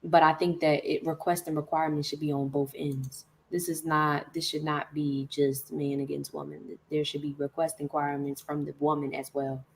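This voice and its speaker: A woman speaks as a guest in a casual livestream chat, earnest and conversational. Her voice is notably low for a woman. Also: little pitch movement, normal speed, vocal fry, few pauses, a little hiss or hum, low-quality recording. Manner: earnest, conversational, laughs often.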